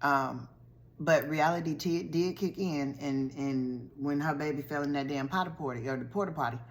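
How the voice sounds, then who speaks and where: A woman vlogger recapping a TV show's plot in a lively, colloquial storytelling style, full of slangy asides. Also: low-pitched, unhurried. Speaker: vlogger reviewing a TV show.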